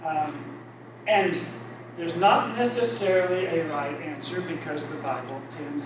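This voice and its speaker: A man's voice: fairly high pitch, measured pace, very noisy. A middle-aged man leading a church Bible study group, teaching in a conversational, self-deprecating way. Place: church meeting room. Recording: echoey room recorded from far off.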